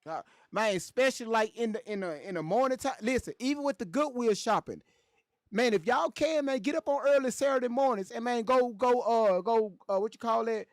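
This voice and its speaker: A man riffs loudly with his livestream chat, repeating lines for laughs. His voice sounds close and dry, with no room echo. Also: extremely high pitch, a little fast. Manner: loud, joking, animated, repeats phrases. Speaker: livestream host reading chat.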